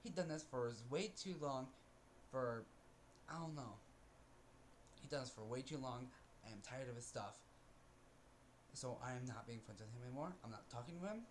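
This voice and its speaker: A man's voice: medium pitch, lively intonation, normal speed, pauses often, slight background noise. A man vlogging a casual storytelling rant, aggrieved and rambling, sighing often. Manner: aggrieved, ranting, with frequent sighs; rambling with restarts and fillers.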